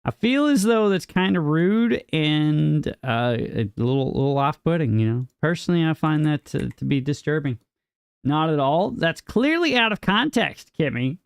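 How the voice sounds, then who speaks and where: A man's voice: a little high, sing-song, moderate pace, dry recording, clean studio sound. A young man live-streaming a game, chatting casually with his viewers and teasing them in a playful, mock-indignant way, his voice jumping up on questions. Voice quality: gravelly. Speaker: livestreamer. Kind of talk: casual live-stream chat, reading and answering chat.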